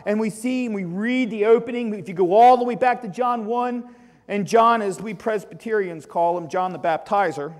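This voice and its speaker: A man preaching a sermon as pastor, emphatic, swinging between loud exclamations and hushed asides. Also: high voice, normal speed. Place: church sanctuary. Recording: long reverb of a church hall.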